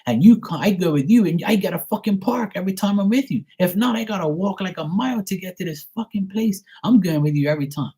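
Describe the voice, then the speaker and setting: A man's voice: high-pitched, lively intonation, fast talker, few pauses, dark tone, breathy edge, voice pushed up. A man putting on his ranting, exasperated sister. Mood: indignant. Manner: swearing, indignant.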